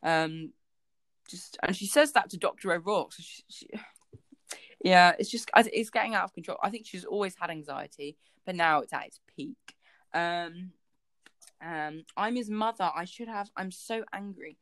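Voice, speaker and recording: A woman's voice: fairly low pitch, normal speed, fairly bright tone, dry recording. A woman co-hosting a book podcast, chatting casually and rambling with lots of fillers. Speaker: podcast co-host.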